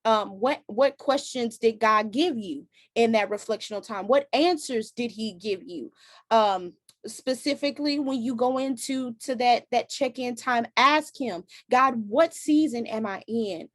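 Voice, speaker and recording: A woman's voice: fairly high pitch, unhurried, no room sound, studio quality. A woman hosting a faith-based advice talk, earnest and candid, often restarting her sentences. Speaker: host.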